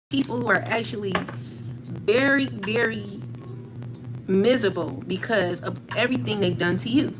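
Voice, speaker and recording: Steady monotone woman giving spiritual advice. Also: mid-range voice, low-quality recording. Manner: calm, steady monotone delivery; rambling, repeats filler phrases. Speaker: tarot reader. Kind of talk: spiritual pep talk to viewers. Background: background music.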